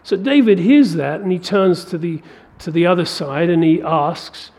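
Delivering a sermon at normal speed, this man has a high voice. He preaches emphatically, building to forceful peaks to drive every point home.

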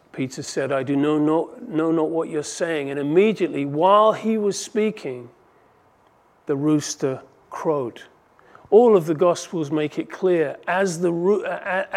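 A man delivers a sermon with a gravelly, slightly high voice. He reads scripture passages aloud and swings between emphatic stresses and hushed, reflective lines. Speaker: preacher. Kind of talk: expository sermon.

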